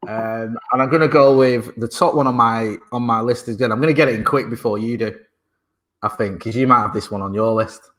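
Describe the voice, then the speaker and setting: A man's voice: medium pitch, fairly even intonation, fairly quick, fairly bright tone. A man co-hosting a podcast, chatting casually and joking dryly, often restarting while he searches for words. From Britain. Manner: dry, joking banter. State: parent. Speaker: podcast co-host. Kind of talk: casual chat.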